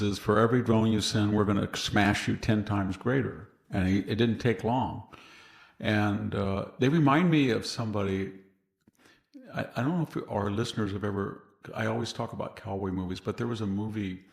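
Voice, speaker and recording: A man's voice: fairly low pitch, gravelly. A man from California, a guest historian in a casual interview, who tells long anecdotal stories and laughs at his own jokes. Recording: roomy echoey sound.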